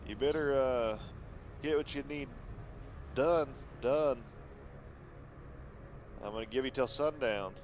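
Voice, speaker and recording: A man's voice: medium pitch, slow, pauses often, a little hiss or hum, voice pushed up, lightly acted. A man voicing a chatty, boastful male halfling lawman with a folksy put-on accent. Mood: firm.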